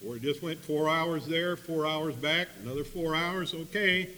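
Guy preaching, story mode, bright ringing voice, big echoey hall with a faint hum behind. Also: fairly high pitch, normal speed. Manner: swings between loud emphatic bursts and quiet asides. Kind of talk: sermon storytelling.

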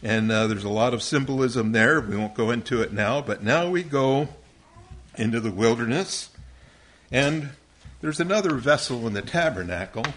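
A man's voice: medium pitch, a bit bright, slight background noise. Man teaching a Bible lesson. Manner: quizzing, patient, calls on listeners by name. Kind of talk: Bible lesson with questions to young listeners.

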